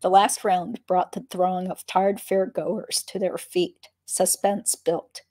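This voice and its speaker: A woman's voice: fairly low pitch, flat delivery, takes it slowly, dark tone. A woman reading a memoir aloud, breaking off for dry, wry asides between passages. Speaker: reader of a memoir.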